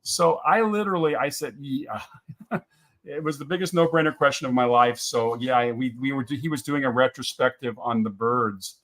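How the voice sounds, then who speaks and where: A man's voice: medium pitch, moderate pace, a bit bright. An older man, a podcaster and film writer, chatting as a guest in a casual interview and telling stories with frequent laughs. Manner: chatty, storytelling, laughs often.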